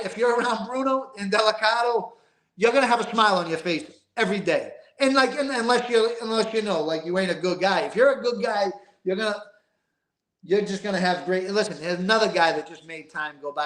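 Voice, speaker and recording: A man's voice: high voice, fairly quick, fairly bright tone, echoey room. An older man, telling stories in a rambling, emphatic street-talking way as an interview guest. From East Boston. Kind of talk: casual interview storytelling.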